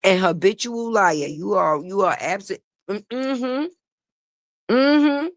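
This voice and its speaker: A woman's voice: mid-range voice, lively intonation, slow, dry recording. A woman giving casual gossip commentary on a livestream, blunt, sassy and profane, laughing often. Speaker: online commentator.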